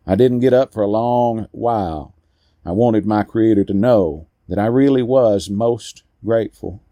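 A man narrating a first-person story in a slow, deliberate way with weighty pauses. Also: on the low side, warm tone, dry recording.

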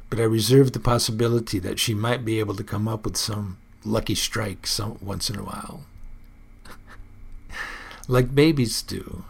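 A man's voice: on the low side, gravelly, breathy edge. A man hosting his own personal report, musing aloud in an earnest, casual monologue.

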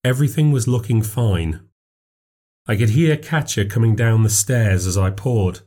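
A man narrating a ghost story in a measured, steady way. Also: lowish voice.

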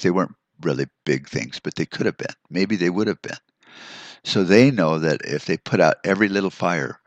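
On his own podcast, a deep-voiced man rambles through a profanity-laced rant, restarting his sentences again and again. The recording has no room sound.

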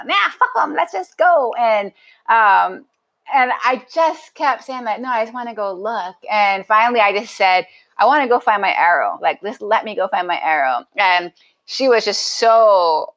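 A woman's voice: medium pitch, moderate pace, a bit bright, rough recording. A woman, a podcast guest, telling a story casually with lots of restarts and acted-out quotes.

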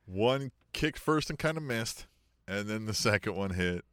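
A man's voice: measured pace, no room sound, clean studio sound. A man co-hosting a podcast in casual chat, joking and teasing his partner. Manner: joking, teasing, with laughs and lively pitch swings. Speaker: podcast co-host.

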